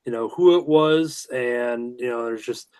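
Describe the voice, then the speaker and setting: Man, podcast host, casual chat, rambling, lots of fillers, mid pitch. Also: a little slow, darkish tone, smooth. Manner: rambling, many fillers and restarts.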